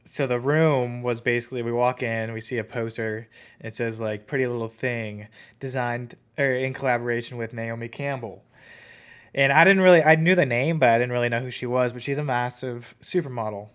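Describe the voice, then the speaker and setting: A man's voice: medium pitch, fairly even intonation, fairly quick, a bit bright, clean tone. A young man hosting a podcast, telling a rambling story in casual chat with lots of fillers. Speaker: podcast host.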